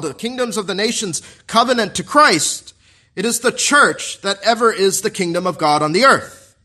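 A man preaching a sermon in an earnest way, asking the congregation questions and slowing down to stress quoted scripture. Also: sits high, bright, forceful tone. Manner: earnest, asks the congregation questions and answers them.

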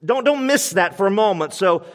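A man's voice: high voice, expressive, normal speed. A man preaching a sermon as pastor of a church, emphatic and repeating his key points. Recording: long reverb of a church hall.

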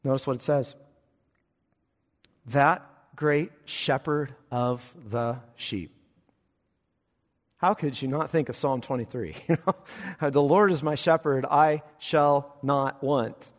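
Emphatic preacher in a reverberant hall. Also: male voice, mid-range voice, slow pace, long pauses. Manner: emphatic preaching, swinging from hushed to loud. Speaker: pastor. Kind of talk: sermon.

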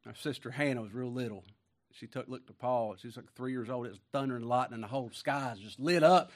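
Folksy preacher, booming then hushed. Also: male voice. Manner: folksy and conversational, swinging from hushed asides to booming emphasis; reads scripture slowly with stretched, weighty phrasing. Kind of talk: sermon.

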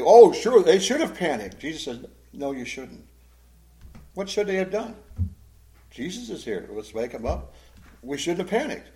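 A man's voice: fairly high pitch, a little mellow. A man preaching a Bible-teaching sermon in a conversational way, often asking the congregation questions and repeating words as he goes. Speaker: pastor.

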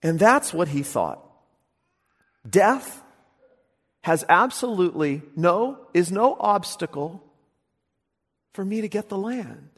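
A man preaching a sermon, emphatic, moving between loud exclamations and quiet, intense asides. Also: sits high, animated, takes it slowly, pauses often, slightly rough, big-room sound.

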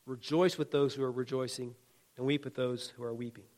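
A man's voice: medium pitch, steady tone, brisk, darkish tone. A man preaching a sermon as a pastor, talking in a folksy, conversational way with humor and asides, and building emphatic, rhythmic exhortations.

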